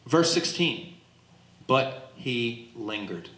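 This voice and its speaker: A man leading a Bible study as pastor, teaching in an animated way and acting out the voices in the text to his group. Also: mid-range voice, a little slow. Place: church hall with a small group. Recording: echoey room.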